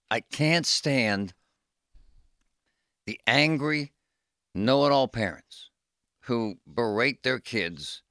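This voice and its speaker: A middle-aged man co-hosting a radio talk show, telling stories in an animated, ranting way. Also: mid-range voice, no echo, clean studio sound. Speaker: radio co-host. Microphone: studio microphone.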